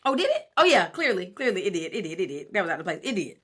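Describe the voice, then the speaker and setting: A woman co-hosting a podcast, telling a story in casual chat, animated and profane. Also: lowish voice, quick pace, husky. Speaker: podcast co-host.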